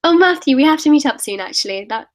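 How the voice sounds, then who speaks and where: A woman's voice: sits high, expressive, quick pace, poor audio. A teenage girl in a casual live-stream Q&A, reading out viewers' comments and answering them in a chatty, upbeat way. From United Kingdom. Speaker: YouTuber answering live questions.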